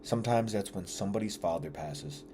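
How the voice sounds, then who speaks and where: A young male vlogger talks earnestly and confessionally about his own life, using casual slang and some swearing in a candid personal reflection. His voice is fairly low and fairly quick, with background noise.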